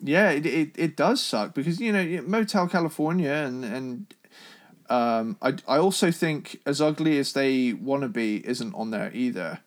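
A man's voice: mid-range voice, expressive, a little slow. A man co-hosting a podcast in casual chat, enthusiastic and swearing casually as he gives his opinions. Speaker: podcast co-host.

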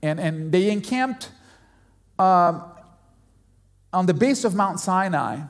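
A pastor with a high voice preaches to his listeners in a lively storytelling way. He often stumbles and repeats words as he builds up to a point. His voice rings with the long reverb of a large hall. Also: slow pace. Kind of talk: sermon.

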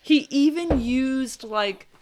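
A woman's voice: high-pitched, slow, noisy background. A woman in her thirties chatting casually about her children, telling stories with laughs. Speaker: parent on a podcast. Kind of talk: casual chat.

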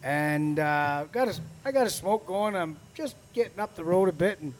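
Animated, swearing man telling a story. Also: high voice, normal speed, slight background noise. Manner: animated, profane, acts out both sides of a dialogue. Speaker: podcast co-host. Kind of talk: casual storytelling.

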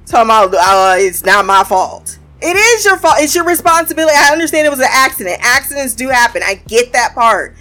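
A woman's voice: sits high, fast talker, few pauses, soft background music. Profane, laughing woman recapping a show. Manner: profane, animated, laughs often. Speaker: show reviewer. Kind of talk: casual TV episode recap.

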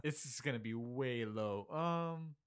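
A man's voice: mid-range voice, slow, clean tone. A man on a casual podcast with friends, laughing a lot, swearing freely and bantering during a quiz. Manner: laughing, profane, playful banter. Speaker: podcast co-host. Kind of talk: casual chat among friends. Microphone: studio microphone.

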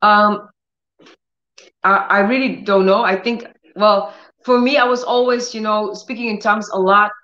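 A woman's voice: mid-range voice, fairly even intonation, moderate pace, fairly bright tone. Woman preaching healing in an echoey room. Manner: bold commanding prayer declarations. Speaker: healing ministry host. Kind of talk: livestream preaching and prayer. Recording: roomy, dull lo-fi stream audio.

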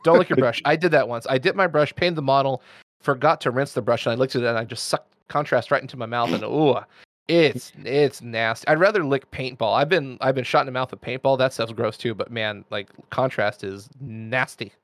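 A man's voice: mid-range voice, a little fast, a bit bright, dry recording, studio quality. A man in casual conversation, explaining things enthusiastically in long, flowing runs. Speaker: miniature painting expert host. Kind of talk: casual chat.

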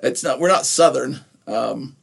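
A middle-aged man from Nephi, Utah, talks in a loose, rambling way, full of restarts and fillers. His voice has a gravelly, fried edge at a medium pitch. He co-hosts a podcast as a casual chat. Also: unhurried. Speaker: podcast co-host.

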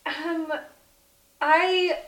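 A woman's voice: very high voice, steady tone, drawn-out words, a bit bright, a little hiss or hum. A woman co-hosting a casual movie podcast, chatty and fond of acting out quoted lines. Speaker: podcast co-host. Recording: roomy echo.

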